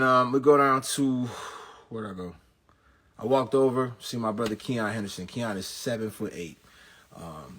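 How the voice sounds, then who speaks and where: A pastor, recapping an event as a comedic story, full of quick jokes and asides. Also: male voice, fairly low pitch, a little hiss or hum. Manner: animated, jokey, rapid asides and punchlines.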